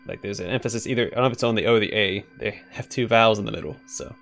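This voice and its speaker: A man's voice: on the low side, racing, gravelly, few pauses, fairly bright tone, soft background music. A man hosting a let's play, reading the game's dialogue aloud and stumbling over the fantasy names.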